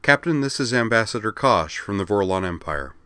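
A man's voice: on the low side, expressive, fairly quick, sharp tone, dry recording. A man voicing an eager, easily flustered male officer in a read-aloud story.

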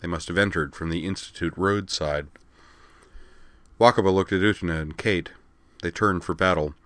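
Man, narrator, very deep, steady, dry close recording. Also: normal speed, dry recording. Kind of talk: scripted narration.

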